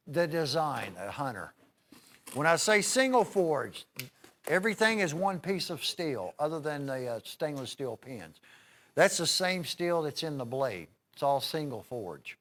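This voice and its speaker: A man's voice: fairly high pitch, very animated, unhurried, a bit bright. A man hosting a live TV shopping show, selling in a folksy, enthusiastic, chatty way with many fillers. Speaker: TV shopping host. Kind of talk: live TV shopping sales pitch.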